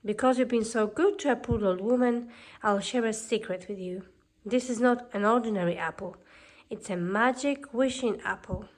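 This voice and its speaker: A woman voicing a wicked queen disguised as a wheedling old peddler woman in a storybook reading, with a somewhat high voice. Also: moderate pace, close to an everyday voice. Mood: sly. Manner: wheedling, calls listener dearie.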